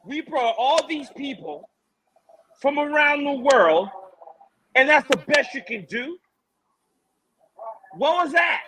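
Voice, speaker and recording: Male podcast co-host, very high bright voice, loud animated ranter. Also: poor audio. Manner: animated ranting, mocking, laughing. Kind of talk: casual fight-talk podcast chat.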